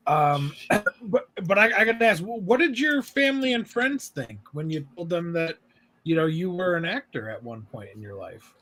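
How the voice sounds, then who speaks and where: A male interview host with a bright, forceful voice pitched a little high. He is enthusiastic, chiming in with quick reactions and eager questions in casual conversation. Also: sing-song, rough recording. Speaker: podcast host.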